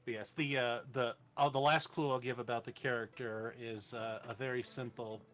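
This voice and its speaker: A man chatting casually on a podcast, hesitant and halting as he talks about his game character. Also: mid-range voice, fairly even intonation, a bit bright, soft background music. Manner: hesitant, full of restarts and laughs. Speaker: podcast co-host and player. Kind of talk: casual chat.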